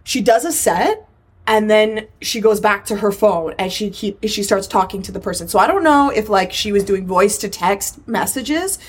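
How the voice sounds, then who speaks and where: A young woman co-hosting a podcast, telling a story in casual, animated chat, acting out quotes and cursing freely. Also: medium pitch, normal speed, breathy edge. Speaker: podcast co-host.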